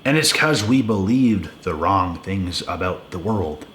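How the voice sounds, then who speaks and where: A man's voice: deep voice, animated, a little slow, noisy background. A young man in a blunt, casual rant to the camera, profane and emphatic, often repeating himself. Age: young adult. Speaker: video creator. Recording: echoey room with faint ambience.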